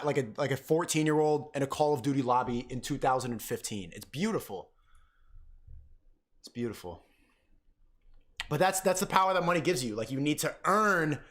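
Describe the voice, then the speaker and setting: Young male streamer, high bouncy voice, profane, mocking rants. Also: fairly bright tone. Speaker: live streamer. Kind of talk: stream reaction rant.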